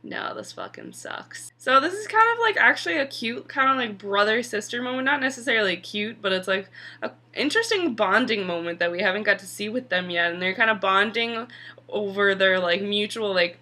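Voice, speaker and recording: A woman's voice: mid-range voice, lively intonation, fairly quick, pushed and bright. A young woman casually recapping a TV episode, chatty and full of "like" fillers, sometimes swearing. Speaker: TV episode reviewer.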